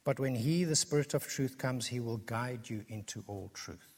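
Man, preacher, earnest sermon, emphatic repetition, husky tone, long hall reverb. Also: medium pitch, normal speed, darkish tone.

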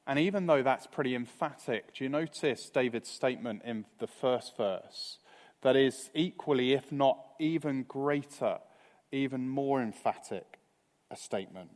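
Measured, slow-speaking man preaching in a hall. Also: on the high side. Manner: earnest, measured, trailing off softly at phrase ends. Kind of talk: evening sermon. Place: church hall. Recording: reverberant hall.

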